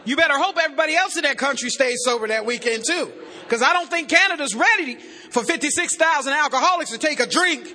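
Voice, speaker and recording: In an echoey hall, a woman with a high voice speaks quickly as she gives a humorous recovery testimony. She jokes with the crowd, stays animated, and shouts in bursts.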